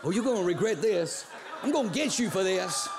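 A man's voice: high voice, lively intonation, a little fast. A man voicing a cocky fifty-dollar bill that talks in a wheedling, half-laughing way. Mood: threatening. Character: smug bossy male fifty-dollar bill.

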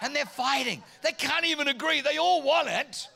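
A man's voice: very high voice, normal speed, creaky, hardly any pauses. A man from Germany preaching a sermon as pastor, telling stories and acting out the voices of the people in them. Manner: animated storytelling, acting out quoted voices.

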